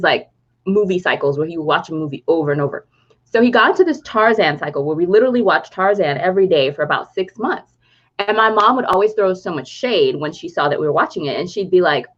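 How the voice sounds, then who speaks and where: A woman co-hosting a book club livestream, telling stories in a lively, laughing way. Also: on the low side, quick pace. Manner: animated storyteller, laughs while telling. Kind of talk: casual livestream chat. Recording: dull lo-fi stream audio.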